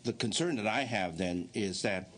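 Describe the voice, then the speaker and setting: A man on a legislative committee asking questions, halting with many fillers and restarts. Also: lowish voice, a bit bright, a little hiss or hum. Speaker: committee member.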